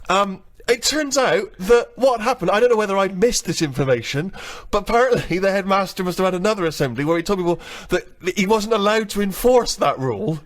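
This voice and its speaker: A man's voice: sits high, animated, a little fast, few pauses. A man, a radio co-host, telling rambling self-mocking anecdotes in casual banter. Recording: archived radio studio recording.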